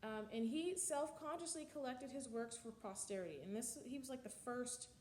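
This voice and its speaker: A woman's voice: a little high, normal speed, a little mellow, slight background noise. Woman lecturing in an echoey room. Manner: explanatory, with frequent ums and sung counting of beats. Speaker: music history teacher. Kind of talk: recorded slide lecture.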